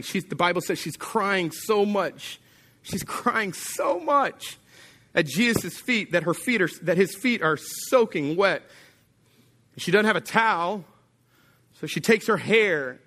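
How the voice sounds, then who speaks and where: A man preaching with a bright, forceful edge to his voice, pitched a little higher than most men. He tells the story with animated energy and slips into the voices of the people in it. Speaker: pastor. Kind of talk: sermon.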